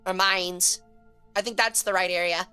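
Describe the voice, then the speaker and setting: A woman streamer giving casual live game commentary, excitable and quick to swear, chatting with her viewers. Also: fairly low pitch, clear, resonant tone, soft background music. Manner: excitable, swears a lot when frustrated, chats with viewers.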